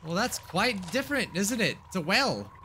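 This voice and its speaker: A man playing a horror game and commenting as he goes, thinking aloud and getting loudly frustrated. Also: moderate pace, heavy background noise. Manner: excitable, thinks aloud, swings between mutters and high yelps of frustration. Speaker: gaming YouTuber. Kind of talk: let's play commentary.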